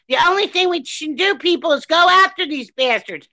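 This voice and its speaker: Woman podcast co-host, angry swearing rant, bright sharp voice, dry close sound. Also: very high voice, lively intonation, a little fast, dry recording, poor audio. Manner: furious, swearing, shouting rants; reads a news article aloud.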